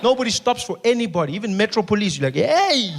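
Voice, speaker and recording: A man's voice: sits high, very fast, noisy background. A man with a South African accent doing stand-up comedy on stage, telling stories and acting out voices. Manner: animated, acts out voices.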